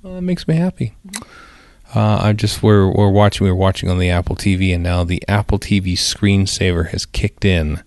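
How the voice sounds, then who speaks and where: A man's voice: sits low, normal speed, darkish tone, no echo, clean studio sound. A man co-hosting a podcast, chatting casually and rambling through his thoughts with lots of fillers and restarts. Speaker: podcast co-host. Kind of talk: casual chat.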